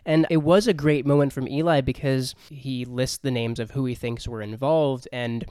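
A man hosting a casual book discussion podcast, animated and laughing often as he talks. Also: mid-range voice, normal speed, smooth, dry recording, studio quality.

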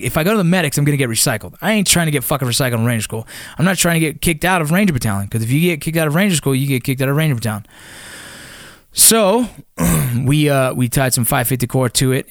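A man's voice: mid-range voice, no room sound, clean studio sound. A man casually recounting his army ranger training, swearing freely and acting out the voices of others. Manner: profane, animated, acts out quoted voices. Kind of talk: casual spoken storytelling.

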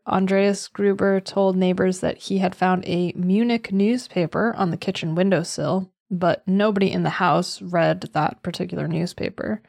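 A woman's voice: on the low side, creaky, a little mellow, no echo, clean studio sound. An American woman co-hosting a true-crime podcast, chatting casually with jokey asides. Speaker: podcast co-host.

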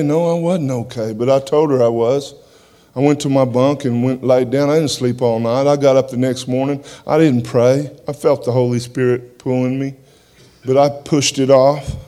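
A man's voice: medium pitch, mellow. A man giving his testimony to a congregation in a plain-spoken, folksy way, often repeating words as he goes.

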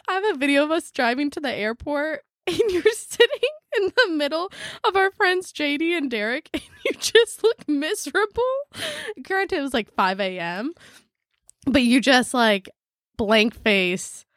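Young woman, casual studio guest, higher voice, laughs through her stories, dry close mic. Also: a little slow, dry recording. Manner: animated storyteller, laughs often, acts out quotes. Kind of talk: casual chat.

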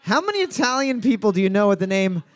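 Man hosting trivia at a bar, high-pitched, dry sound, irreverent and joking. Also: very animated, no room sound, a faint crowd. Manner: joking, irreverent, reads questions slowly. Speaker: trivia night quiz host.

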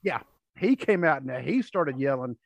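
A man's voice: on the high side, sing-song, moderate pace, no room sound. A man hosting a casual chat, rambling through stories and acting out what people said. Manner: rambling storyteller, acts out quotes. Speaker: podcast host. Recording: dull lo-fi dry audio.

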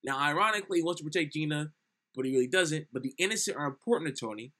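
A man's voice: fairly high pitch, animated, rapid-fire, pushed and bright. A young man co-hosting a casual film review podcast, animatedly retelling scenes and acting out lines. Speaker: podcast co-host.

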